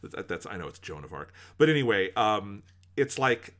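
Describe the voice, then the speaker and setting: Man, podcast co-host, bright tone, rambling, lots of likes and ums. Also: lowish voice, very animated, normal speed. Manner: rambling, filler-heavy explaining. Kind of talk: casual chat.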